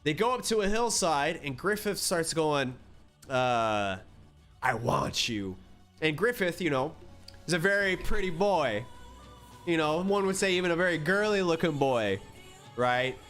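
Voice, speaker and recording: A man's voice: a little high, normal speed, faint music behind. Rambling man recapping a story. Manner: rambling, animated storytelling with filler words. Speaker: manga reviewer. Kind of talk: casual vlog recap.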